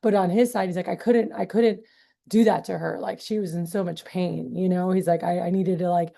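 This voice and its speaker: Woman, 30s, meeting leader, mellow tone, chatty, filler-heavy, acts out quotes. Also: on the low side, steady tone, a little fast, vocal fry. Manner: acts out quoted voices in storytelling. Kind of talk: casual talk to a group.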